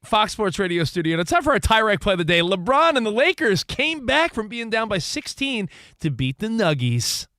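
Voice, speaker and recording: A man co-hosting a sports talk radio show from a studio, bantering and teasing with quick jokes. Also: high-pitched, very animated, bright, forceful tone, no echo.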